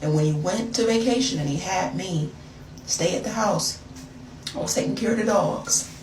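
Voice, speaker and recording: A woman's voice: fairly low pitch, moderate pace. A woman spins a story in a chatty, slangy storytime voice, playing up the drama as she goes. Her voice bounces around a roomy space, picked up from some distance. A layer of noise sits beneath it. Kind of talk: casual storytime. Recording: echoey room, far from mic, noisy.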